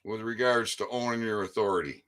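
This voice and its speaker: A man's voice: on the low side, fairly even intonation, brisk, fairly bright tone. A man giving a rambling casual monologue to his viewers, stammering over repeated words and swearing freely. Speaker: independent online commentator.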